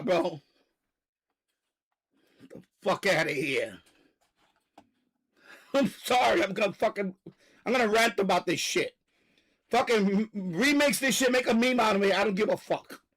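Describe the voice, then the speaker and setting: A man hosting a live stream, delivering a loud, profane, repetitive rant and stopping now and then to catch his breath. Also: high-pitched, expressive, a little slow, long pauses, rough recording. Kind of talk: ranting live stream monologue.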